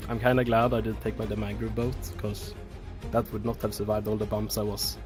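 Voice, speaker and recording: A man's voice: lowish voice, level tone, a little fast. A man being interviewed after a race, talking hesitantly with many ums. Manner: hesitant, lots of ums and throat clearing. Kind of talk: casual interview. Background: music.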